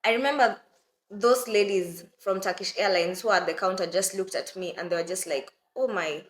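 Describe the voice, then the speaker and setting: A woman's voice: mid-range voice, fairly even intonation, moderate pace. A young woman from Kenya, chatting to her viewers as she tells a story in a vlog. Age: young adult. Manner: chatty, addresses viewers as guys. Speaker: vlogger. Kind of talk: storytelling to camera. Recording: roomy echo.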